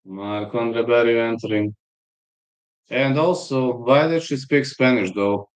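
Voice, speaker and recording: A man's voice: mid-range voice, a little slow, rough recording. A man with a Serbian accent, hosting a live fight stream and chatting in a rambling, storytelling way while reading chat aloud.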